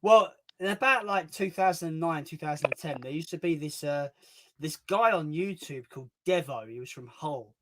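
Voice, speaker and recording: A man's voice: a little high, animated, normal speed, crowd noise, rough recording. A man co-hosting a casual stream, chatting in a rambling, sweary way. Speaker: stream co-host. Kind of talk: casual chat. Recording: loud background noise.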